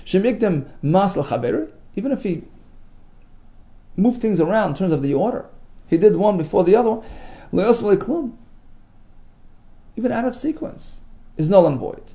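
Man, Talmud class teacher, gravelly, dark mellow tone, emphatic. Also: high voice, normal speed, long pauses, lo-fi sound. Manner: translates Aramaic phrases into English, lively and emphatic.

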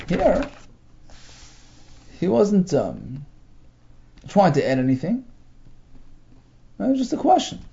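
A man teaching a Talmud text, reading out Aramaic phrases and explaining each in English, halting with many fillers. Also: fairly high pitch, vocal fry, warm tone. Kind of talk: text study lesson. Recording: dull lo-fi recording.

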